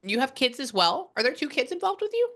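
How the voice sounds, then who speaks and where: A woman's voice: high-pitched, sing-song, a little fast, a bit bright. A woman working as a psychic medium, talking casually and rambling through a spirit reading, with the odd swear word.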